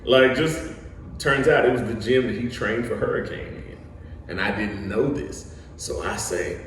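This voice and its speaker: Brief: young male actor, low voice, lively storyteller, distant mic with background noise. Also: measured pace, heavy reverb. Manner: lively storyteller, acts out quotes. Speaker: guest, actor and studio co-founder. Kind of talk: animated storytelling interview.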